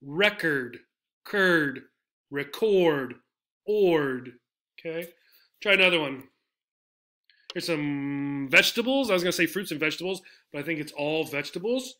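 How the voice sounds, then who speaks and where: A man's voice: fairly high pitch, lively intonation, a little fast, sharp tone. A man teaching an English pronunciation lesson, speaking patiently and repeating each model word several times. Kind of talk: slide-based pronunciation lesson.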